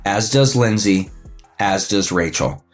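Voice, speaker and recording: A man in his fifties, a financial advisor and coach, talks about his work as a podcast guest in a relaxed, anecdotal way, with frequent fillers and restarts. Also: fairly low pitch, takes it slowly, faint music behind. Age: 50s. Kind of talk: casual conversational storytelling.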